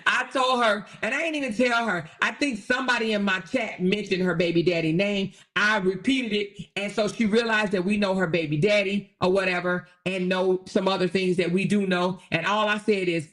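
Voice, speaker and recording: A woman's voice: mid-range voice, normal speed, fairly bright tone. A brash, sassy woman hosting a livestream, talking straight to her chat. Her rant is loose and profane, and she hammers her points home by repeating them. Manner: talks straight to chat, repeats phrases for emphasis. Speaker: livestream host.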